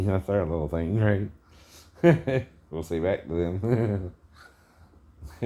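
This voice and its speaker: A man in his fifties talks slowly in a low voice, rambling through his commentary. He laughs under his breath between thoughts and keeps checking in with the listener by asking "right?". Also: warm tone. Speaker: video commentator.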